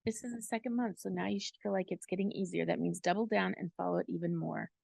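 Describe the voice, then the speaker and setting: Gravelly middle-aged woman podcasting. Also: on the low side, steady tone, quick pace, a little mellow, no room sound. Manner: emotional, gushing. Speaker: podcast host. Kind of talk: casual podcast chat.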